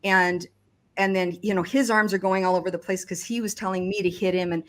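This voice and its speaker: A woman recounting a personal experience in conversation, speaking haltingly with frequent restarts and fillers. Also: mid-range voice, steady tone. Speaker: survivor giving testimony.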